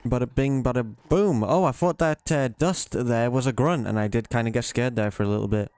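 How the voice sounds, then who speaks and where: A man's voice: medium pitch, normal speed, few pauses, a little mellow, slight background noise. A man giving casual, playful commentary while playing a horror game, jokingly talking to the monsters as if they were silly pets. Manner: playful, teasing the monsters in a silly sing-song way. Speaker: let's play gamer.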